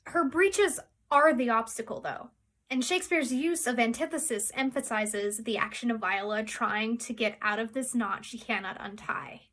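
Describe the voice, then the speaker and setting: A woman's voice: a little high, moderate pace, a bit bright. A young woman, a theatre student, giving an academic analysis of a speech in an explanatory way. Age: young adult. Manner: explanatory, with occasional fillers.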